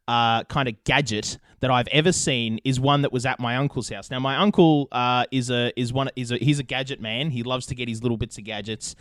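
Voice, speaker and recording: A man's voice: medium pitch, a bit bright, clear, resonant tone, dry recording, studio quality. A young Australian man hosting a podcast, telling a rambling story with plenty of swearing in casual chat. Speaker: podcast host.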